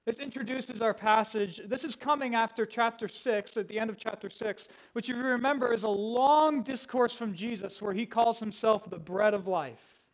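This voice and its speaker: A man's voice: sits high, moderate pace, few pauses, poor audio. A man preaching a sermon to a congregation, teaching verse by verse and laying out a plain outline. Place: room with a congregation.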